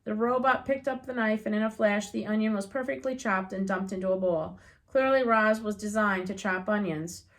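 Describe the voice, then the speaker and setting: A woman reading a children's novel aloud as an audiobook reader, unhurried and gently expressive. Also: mid-range voice.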